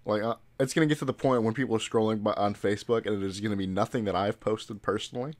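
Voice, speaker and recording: A man's voice: lowish voice, fast, no echo. A man co-hosting a casual podcast, reacting to a story with laughter and swearing. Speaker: podcast co-host.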